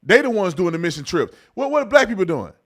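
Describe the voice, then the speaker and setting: A man hosting an online commentary video, ranting heatedly and swinging between shouting and low muttering. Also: sing-song, quick pace.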